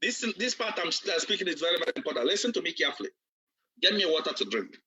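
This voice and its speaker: A man's voice: fairly high pitch, sing-song, very fast, bright, forceful tone, breathy edge. A man, a business coach giving a preacher-like motivational training, repeating himself emphatically. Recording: distant, dull lo-fi recording.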